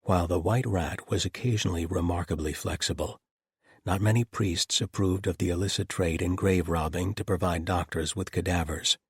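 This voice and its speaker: A male audiobook narrator with a deep, husky voice reads scripted narration at a moderate pace. His intonation stays fairly even, and the studio-quality recording is dry.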